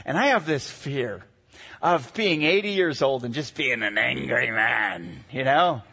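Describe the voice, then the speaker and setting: A man in his forties, a pastor preaching a sermon, animated and acting out quotes in shifting voices. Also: mid-range voice, a little slow, husky. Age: 40s.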